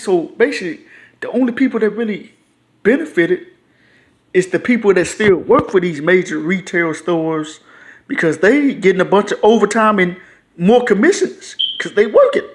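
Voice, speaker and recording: A frustrated man, ranting to camera in a loose, profane, repetitive way. His voice sits a bit high for a man, and he keeps circling back to the same points. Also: animated, unhurried, long pauses. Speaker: YouTuber. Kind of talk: casual ranting monologue.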